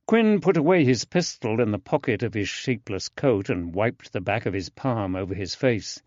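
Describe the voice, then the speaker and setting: A man narrating an audiobook in a steady, even scripted reading. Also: lowish voice, moderate pace, few pauses, dry recording, dull audio.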